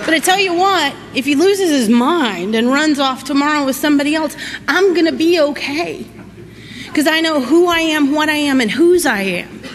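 A middle-aged woman, giving a folksy, animated personal recovery talk. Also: high-pitched, moderate pace. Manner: folksy, animated, laughs through her story. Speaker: recovery meeting speaker. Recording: echoey hall with faint noise.

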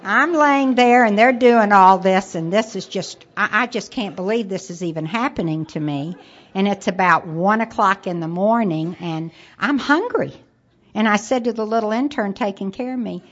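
A woman giving a personal testimony, telling it in an animated, wry way. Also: medium pitch. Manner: animated, wry storytelling with dramatic pauses. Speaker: recovery meeting speaker. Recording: slightly muffled lo-fi recording.

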